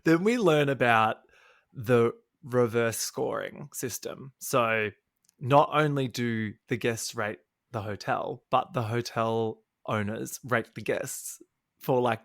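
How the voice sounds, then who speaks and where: Male co-host, gravelly, dry close mic, gossipy and quick to laugh. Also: mid-range voice, no echo. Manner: chatty, catty recapping with frequent laughs. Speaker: podcast co-host. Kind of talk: casual chat.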